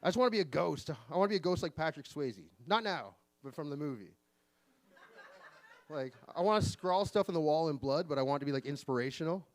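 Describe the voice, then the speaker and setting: A man in his forties doing an open-mic stand-up set, delivering deadpan one-liners with sudden pitch jumps on the punchlines. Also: fairly quick. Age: 40s. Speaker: stand-up comedian. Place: live comedy venue.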